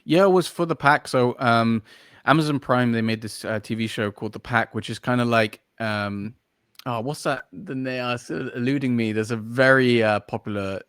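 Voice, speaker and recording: A man's voice: medium pitch, normal speed, a bit bright, clean tone, no room sound, clean studio sound. A man guesting on a podcast, talking casually and at length, full of fillers and restarts as he searches for words. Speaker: podcast guest, dog trainer. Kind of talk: casual interview chat.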